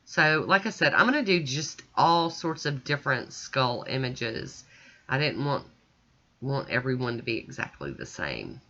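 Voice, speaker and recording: A woman's voice: very deep voice, big pitch swings, unhurried, bright, forceful tone. A woman chatting casually as she narrates a nail art tutorial voice-over, folksy and self-deprecating. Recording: slightly dull lo-fi audio.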